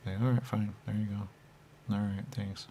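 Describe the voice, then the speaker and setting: A man talking in the first person as a dead spirit, rambling and halting, trailing off into fillers and jumping to high voices for quotes. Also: flat delivery, mellow, a little hiss or hum.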